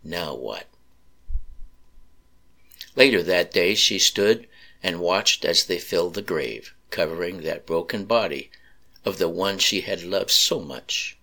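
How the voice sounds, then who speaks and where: A man slowly narrating a sad story in a solemn reading voice. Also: sits low, lively intonation, gravelly, bright, forceful tone.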